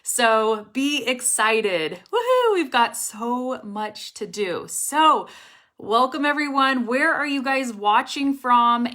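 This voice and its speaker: A woman's voice: sits high, bright, forceful tone. Upbeat woman coaching viewers live. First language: English. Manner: upbeat, chatty, addresses viewers directly. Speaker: English pronunciation coach. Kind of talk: live-stream lesson.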